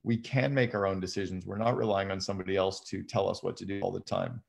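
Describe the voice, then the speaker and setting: Male guest, low gravelly voice, conversational and methodical. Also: fairly even intonation, fast, a little mellow. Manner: conversational, explains habits step by step. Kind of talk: casual live conversation.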